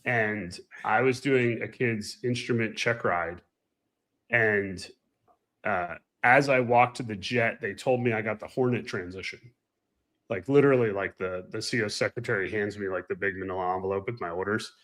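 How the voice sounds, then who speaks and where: A man chatting casually as a show co-host, telling animated flying anecdotes and acting out the people in them. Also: lowish voice, normal speed. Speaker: co-host, former flight instructor. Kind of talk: casual storytelling chat.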